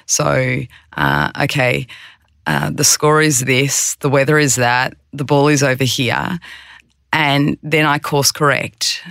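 Gravelly-voiced mindfulness coach. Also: a bit bright, dry recording, studio quality. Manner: acts out anxious self-talk in quick, higher bursts. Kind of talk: casual podcast conversation.

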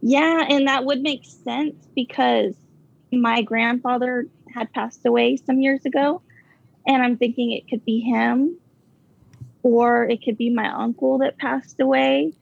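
A woman telling a ghost story in a casual, halting way, full of fillers and nervous asides. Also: on the high side, fairly even intonation, gravelly. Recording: dull, dry lo-fi sound.

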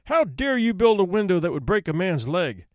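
A hot-tempered old judge bellows demands and blame in a lively, swooping voice, as a male storyteller acts him out. The sound is close and dry, with no room around it. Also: sits high, moderate pace, dry recording. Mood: stern. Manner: barking, roaring commands.

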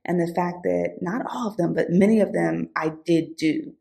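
Woman podcast host, gravelly low voice, earnest and personal chat. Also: moderate pace, mellow.

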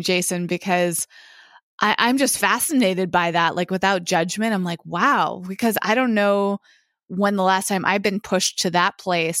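A woman co-hosting a podcast who talks in a curious, supportive way and asks gentle follow-up questions. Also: mid-range voice, no echo, clean studio sound. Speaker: podcast co-host. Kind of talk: conversational chat.

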